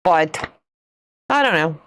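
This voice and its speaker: Middle-aged woman, folksy livestream host, lowish voice, unhurried delivery. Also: expressive, fairly bright tone, a little hiss or hum. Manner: chatty, folksy, reads out and answers viewer comments. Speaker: quilting channel host. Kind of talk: casual livestream chat.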